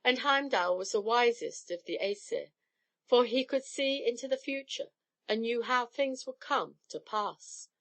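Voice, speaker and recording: A woman reads an old myth aloud in an expressive storybook style. Her voice sits a little high. She narrates it as an audiobook. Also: unhurried.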